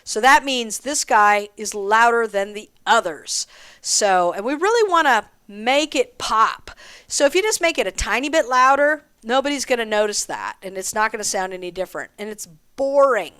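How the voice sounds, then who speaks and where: A woman's voice: on the high side, lively intonation, normal speed, a bit bright, clear, resonant tone. Upbeat woman drum teacher counting beats. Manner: encouraging, explains step by step and counts beats aloud. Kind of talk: music lesson with counting aloud.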